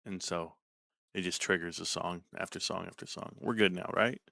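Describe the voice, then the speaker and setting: A man from California ranting casually on a livestream, animated and sarcastic, with frequent swearing. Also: sits low, moderate pace, vocal fry, dry recording, studio quality. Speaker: stock market streamer.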